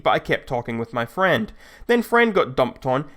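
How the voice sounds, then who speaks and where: A man narrating online stories in a steady, scripted reading style. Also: mid-range voice, moderate pace. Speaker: story narrator.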